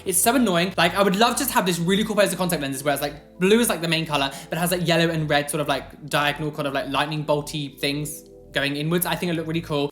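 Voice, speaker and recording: A man in his twenties from England with a fairly high, camp voice, chatting animatedly through viewer questions in a casual vlog. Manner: chatty and animated, lots of fillers. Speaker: vlogger answering viewer questions. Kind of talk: casual Q&A chat.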